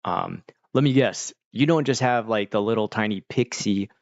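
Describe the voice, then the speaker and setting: Middle-aged male streamer, low gravelly voice, laid-back rambling chatter, dull dry mic. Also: normal speed, no echo. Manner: rambling, laid-back, heavy use of "like" and "dude". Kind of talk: casual chat with live viewers.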